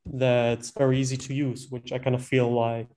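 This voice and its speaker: Mellow, flat-voiced man on a call. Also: medium pitch, normal speed. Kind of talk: casual video call chat. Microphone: video call.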